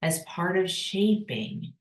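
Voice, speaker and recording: A woman teaching a personal growth course, calm and deliberate, with pauses for breathing and repeated key phrases. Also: on the low side, roomy sound, poor audio. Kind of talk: slow guided teaching with breathing cues.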